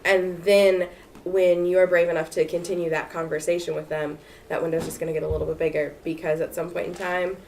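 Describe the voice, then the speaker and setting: A woman with a somewhat low voice speaks casually on a panel to future teachers. She is lively and chatty, full of fillers. The mic sits far off in the room, with a faint hiss behind. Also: brisk, vocal fry. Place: lecture room at a library event.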